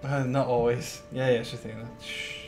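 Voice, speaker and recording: A man's voice: mid-range voice, little pitch movement, moderate pace, gravelly, darkish tone, faint music behind. A man chatting casually as he streams a game, rambling through what he plans to do with lots of fillers and replies to his chat. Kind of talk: casual live-stream commentary.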